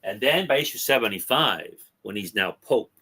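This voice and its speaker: A man on a talk podcast casually retelling a comic's story, halting with ums and restarts. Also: mid-range voice, expressive, pushed and bright, breathy edge. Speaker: podcast co-host discussing comics.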